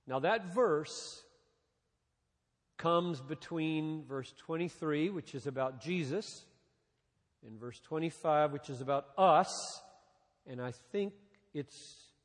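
A man preaching slowly from the pulpit, pausing for effect and letting his voice fall quiet before it climbs again. His voice sits fairly high, and a long reverb from the large church hall trails after each phrase. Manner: preaching with dramatic pauses, dropping soft then rising. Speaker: pastor. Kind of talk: sermon.

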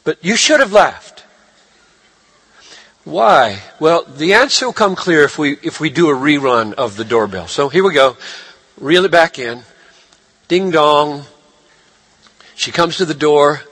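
A man preaching a sermon, animated, swinging from hushed lines to shouted ones. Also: fairly high pitch, unhurried, pauses often, husky. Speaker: pastor.

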